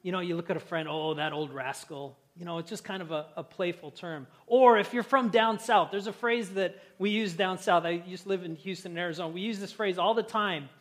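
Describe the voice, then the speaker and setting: A man with a notably high voice preaches a sermon from the pulpit. He keeps it conversational, chatting with the congregation and throwing in jokes. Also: fairly quick, few pauses, fairly bright tone. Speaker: pastor.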